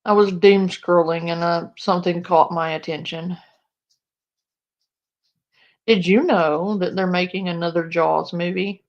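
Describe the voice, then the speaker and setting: A woman's voice: on the low side, steady tone, unhurried, pauses often, dull audio. A woman streamer chatting casually at home, swearing freely and baby-talking to her dog. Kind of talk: casual live-stream chat.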